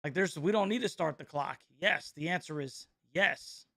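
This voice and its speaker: A man, hosting a casual live-stream reaction chat in an excitable, slangy way, laughing often and calling everyone bro. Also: a little high, normal speed, gravelly, no echo, clean studio sound. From North Carolina.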